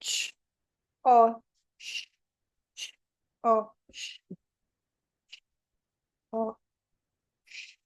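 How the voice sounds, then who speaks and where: Slow, careful Australian student sounding out. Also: female voice, on the high side, completely flat delivery, no echo, poor audio. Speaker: phonics student. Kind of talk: sounding out words in a lesson.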